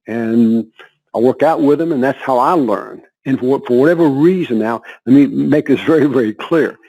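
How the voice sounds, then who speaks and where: A man in his seventies, an interview guest telling lively anecdotes with frequent laughs and repeated words. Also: mid-range voice, moderate pace, rough recording. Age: 70s. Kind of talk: conversational storytelling.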